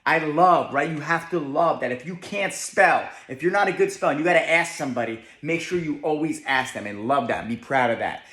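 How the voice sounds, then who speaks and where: A man's voice: on the high side, fairly quick, few pauses, a bit bright. Young jersey guy giving a fired-up motivational talk, keeps saying right?, roomy echo. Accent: New Jersey. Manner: emphatic, keeps asking "right?". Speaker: motivational speaker. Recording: echoey room.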